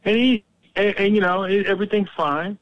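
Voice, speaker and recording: A man hosting a heated political talk, animated and profane, telling stories to make his point. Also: high voice, fairly quick, dry recording, dull audio. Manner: profane, animated, fired-up storyteller.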